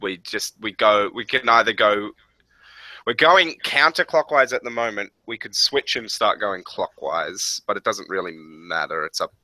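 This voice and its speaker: A young man with a very bright, crisp voice recorded dry and close, talking over a voice call. He chats casually, laughs often, and walks the others through the rules. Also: fairly low pitch, normal speed, no room sound, low-quality recording. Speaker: player. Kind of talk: casual game chat.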